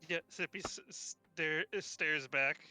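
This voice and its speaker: Very bright-voiced man at a tabletop game. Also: fairly high pitch, slow, soft background music. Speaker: player. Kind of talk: casual tabletop play.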